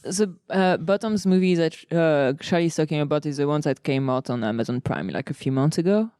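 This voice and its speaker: A woman co-hosts a live podcast panel with understated, deadpan remarks. Her voice sits low. The sound is dry and close. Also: a little fast, smooth, no echo. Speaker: podcast co-host.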